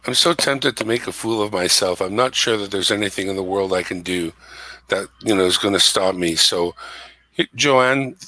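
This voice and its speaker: A man's voice: low-pitched, normal speed, sharp tone. A man hosting a stream, chatting casually in a rambling, joking way and chuckling at himself. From Canada. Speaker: stream host. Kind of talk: casual chat.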